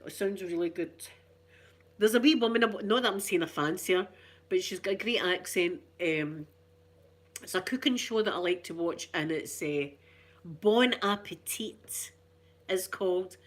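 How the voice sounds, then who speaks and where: A woman's voice: lowish voice, normal speed. Cheeky rambling Scottish woman. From Scotland. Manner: cheeky, rambling, self-mocking storyteller. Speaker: ASMR channel host. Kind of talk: casual chatty ASMR talk.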